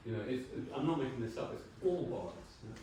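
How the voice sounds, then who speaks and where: A man's voice: medium pitch, lively intonation, quick pace, warm tone, slight background noise. A man in his sixties giving a conference talk as a brand designer. He speaks informally, with wry humor and the odd swear word. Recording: very echoey hall, mic far off.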